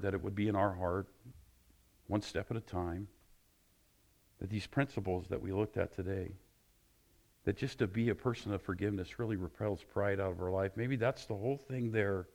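A man's voice: moderate pace, pauses often. Fervent male pastor preaching. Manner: passionate, rising loud and high when excited. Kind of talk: sermon and closing prayer.

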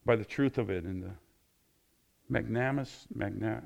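A male pastor preaching with passion, closing his sermon in prayer and getting louder and higher when excited. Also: normal speed, creaky. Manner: passionate, rising loud and high when excited.

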